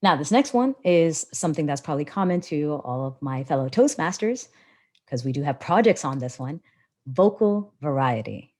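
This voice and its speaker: A public speaking coach with a low voice runs a live webinar, talking at normal speed into a laptop on a video call. Her teaching is animated and expressive, with wide swings in tone.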